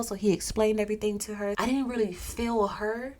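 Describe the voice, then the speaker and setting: A woman's voice: mid-range voice, brisk, a little mellow. Brief: casual woman storyteller, chatty, full of asides.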